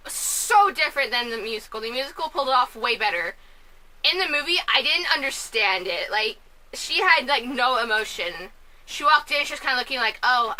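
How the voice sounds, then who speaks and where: Woman vlogger at home, high bright voice, rambling and excitable. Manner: chatty, scatterbrained, quick bursts of loud outrage. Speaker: film and musical reviewer. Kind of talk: casual vlog commentary. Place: at home, family asleep next door.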